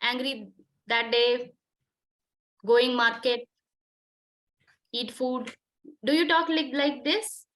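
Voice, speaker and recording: Insistent Indian woman trainer, high bright voice. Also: steady tone, slow, long pauses. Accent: Indian English. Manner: probing, insistent questioning, mixing Hindi and English. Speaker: communication skills trainer. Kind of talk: online group discussion coaching.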